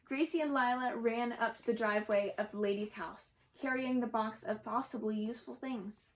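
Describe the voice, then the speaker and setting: A woman reads a children's story aloud in a gentle, friendly manner. Her voice sits a little high, and she now and then trips on a word and corrects herself. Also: rough recording. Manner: gentle, occasional slips and self-corrections.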